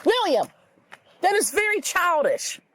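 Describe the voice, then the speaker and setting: A woman's voice: extremely high pitch, sing-song, unhurried, full character voice. A woman playing an exasperated mother who pleads with and scolds her son in a comedy video. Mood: scolding. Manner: pleading, scolding, breaks into crying shouts.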